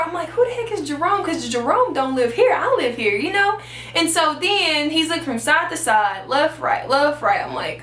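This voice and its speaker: A young woman from Texas tells a storytime for her channel, high and bright in tone. She jumps into the voices of everyone she quotes. The sound is echoey, with the mic set a little away from her. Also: recorded from a distance, slight background noise. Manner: animated, acts out the quoted voices. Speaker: YouTuber. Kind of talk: storytime vlog.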